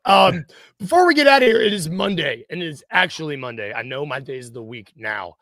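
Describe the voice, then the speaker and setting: A man's voice: a little high, expressive, brisk, sharp tone, dry recording. A man co-hosting a podcast in casual chat, rambling with fillers and laughing easily. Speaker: podcast co-host.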